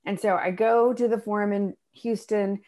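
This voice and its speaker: A middle-aged woman recounts a personal story in a relaxed conversation. She talks in an animated way, slipping into the voices of the people she quotes. Her voice sits at an ordinary pitch for a woman. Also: normal speed. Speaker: guest. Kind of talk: personal storytelling in a podcast chat.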